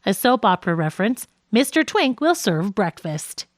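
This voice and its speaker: A woman narrating a nonfiction audiobook in a clear, measured reading. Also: mid-range voice, sing-song, dry recording, clean studio sound.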